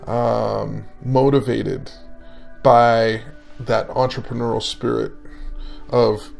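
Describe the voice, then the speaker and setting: A man in his forties with a gravelly, creaky voice tells a story in a relaxed interview. He is animated and acts out both sides of the conversation as he goes. Faint music plays behind him. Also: mid-range voice, slow pace. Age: 40s. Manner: animated storyteller, acting out dialogue. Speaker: guest, mental performance coach.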